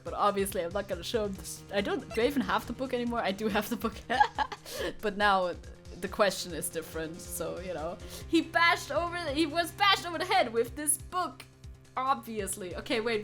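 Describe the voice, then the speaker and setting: A woman streaming a video game, chatting casually and thinking aloud with quick self-corrections. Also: a little high, fairly bright tone.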